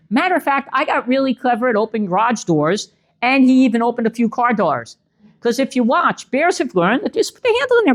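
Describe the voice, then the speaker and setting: A woman's voice: high voice, big pitch swings, moderate pace. A middle-aged woman, an animal control officer giving a humorous wildlife talk and acting out the animals in little voices. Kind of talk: lively public presentation.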